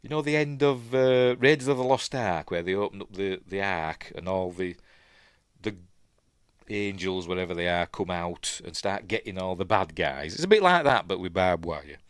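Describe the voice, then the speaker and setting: A man's voice: low-pitched, expressive, normal speed, clean tone, no echo. A middle-aged man with a Yorkshire accent hosts a casual film commentary, rambling with many fillers and chuckling as he goes. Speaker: host.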